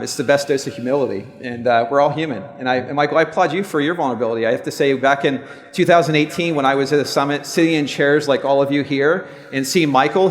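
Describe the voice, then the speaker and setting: A man in his fifties, a law firm owner sitting on a live panel on stage at a large stadium event, speaks earnestly, reflectively and openly about personal matters. His voice is fairly high, with a long reverb tail.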